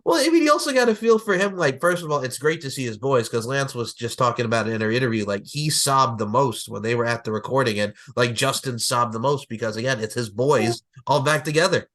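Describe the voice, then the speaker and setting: Excitable middle-aged man hosting a chat. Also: medium pitch, a little fast, hardly any pauses. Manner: excitable, swears, laughs often. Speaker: podcast host. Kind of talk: casual chat.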